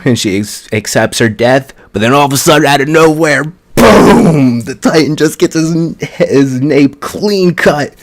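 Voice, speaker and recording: A man casually recapping an anime episode in an excited, chatty way, with plenty of swearing. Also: medium pitch, normal speed. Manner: excited, profane, chatty storytelling. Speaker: anime reviewer.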